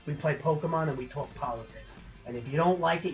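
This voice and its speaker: A man's voice: fairly high pitch, a little fast, music in the background, rough recording. A man livestreaming and ranting to his chat, profane, heated and opinionated, rambling with restarts. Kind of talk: live-stream ranting to chat.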